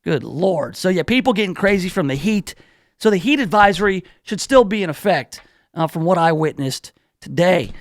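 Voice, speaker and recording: Male talk radio host with a high pitch, dry close mic; rambling, self-deprecating storyteller. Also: lively intonation, moderate pace, dry recording. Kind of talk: casual talk radio monologue.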